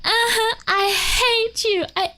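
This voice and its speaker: A woman streamer putting on a high, sing-song voice used for talking to a dog. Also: fairly even intonation, slow pace, bright, forceful tone, exaggerated voice.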